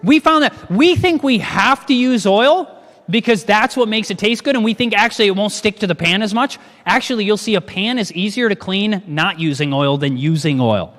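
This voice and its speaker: A man with a high voice leads a live cooking class, lively and full of questions for his listeners. His voice rings out with a long reverb, as if he were in a church hall. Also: moderate pace. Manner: lively, asks the audience questions.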